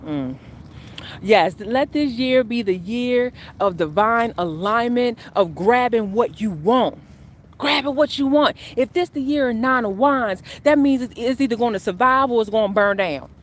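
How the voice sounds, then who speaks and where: A woman's voice: fairly high pitch, measured pace. A woman talking casually and animatedly to viewers as she walks outdoors, filming on a phone. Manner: chatty, animated, addresses viewers as y'all. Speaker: spiritual coach vlogger. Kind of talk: casual spiritual vlog talk.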